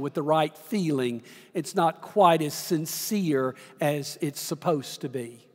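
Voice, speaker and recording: A pastor preaches a sermon in a large church sanctuary, his high voice delivering words slowly and deliberately. He tells stories punctuated by dramatic pauses, and long reverb trails through the hall after him.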